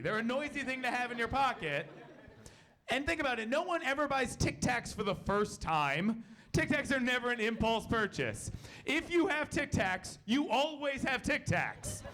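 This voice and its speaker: A man performing a stand-up comedy set on stage, telling stories deadpan and acting out loud quotes. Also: very high voice, background noise. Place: comedy club stage with a laughing audience.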